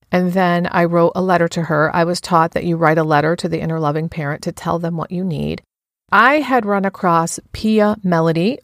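Frank female self-help talker; low, gravelly, earnest, close and dry. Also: dry recording. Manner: frank and earnest, casual swearing. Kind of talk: personal self-help talk.

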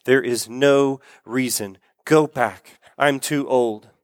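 A man's voice: mid-range voice, slow pace, dry recording, clean studio sound, pitched below the performer's own voice, close to an everyday voice. A man voicing a grieving old widow who pleads that she is too old and has no future. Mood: pleading. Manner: pleading, repetitive.

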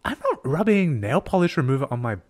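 A man's voice: on the high side, big pitch swings, a little fast, a little mellow. A man with a non-native English accent co-hosting a podcast, telling crude, rambling comic stories in casual chat. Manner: rambling, crude storytelling with frequent laughs. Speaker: podcast co-host.

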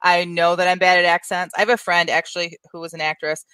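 Low-voiced woman, rambling chat. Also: flat delivery, fast talker, bright, forceful tone, smooth, dry recording. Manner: self-deprecating, rambling with fillers. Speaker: co-host. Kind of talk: casual chat on a live-streamed show.

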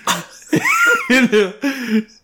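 A man's voice: very high voice, huge pitch swings, drawn-out words, noisy background. A young American man co-hosting a casual podcast, laughing a lot and swearing freely. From United States. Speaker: podcast co-host. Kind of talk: casual chat.

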